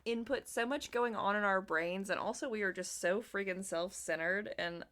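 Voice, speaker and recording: A young woman co-hosting a casual podcast chat, talking at an ordinary middle pitch. She tells everyday stories and often jumps into quoted voices, making them higher and louder. Her tone stays relaxed and conversational. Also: normal speed. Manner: animated storyteller, acts out quotes in a high voice. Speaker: podcast co-host.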